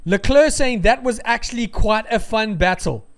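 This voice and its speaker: A man giving excited live race commentary, rambling with fillers and breaking into loud cheers. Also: high voice, normal speed.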